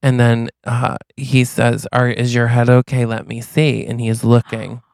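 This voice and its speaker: A man co-hosting a comedy podcast, pitching a silly movie plot with playful storytelling and quick acted lines. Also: completely flat delivery, creaky, darkish tone, no room sound. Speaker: podcast co-host.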